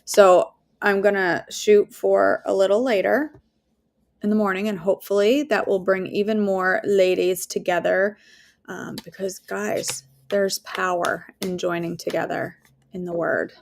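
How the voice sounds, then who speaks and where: A woman's voice: mid-range voice, fairly even intonation, unhurried, creaky. A woman hosting a daily devotional, talking earnestly and casually and leading a prayer from home. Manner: warm, earnest, conversational, with fillers and asides.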